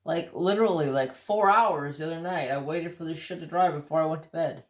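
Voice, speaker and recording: A man's voice: a little high, brisk, reverberant. A man with an American accent hosting a casual livestream chat, rambling and swearing as he tells stories, with hiccups. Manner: rambling, profane, easygoing storytelling. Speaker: craft channel host.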